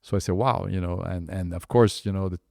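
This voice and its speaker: A man's voice: low voice, little pitch movement, fast, vocal fry, warm tone, no echo, studio quality. A man in his fifties with a French accent, telling a business story in a chatty way full of fillers. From France. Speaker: guest entrepreneur. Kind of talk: anecdotal storytelling.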